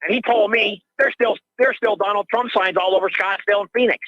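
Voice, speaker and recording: A man's voice: high voice, fairly even intonation, a little fast, dry recording. An older man calling in to a radio show, ranting in an agitated way and repeating himself, heard through dull lo-fi call audio. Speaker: caller.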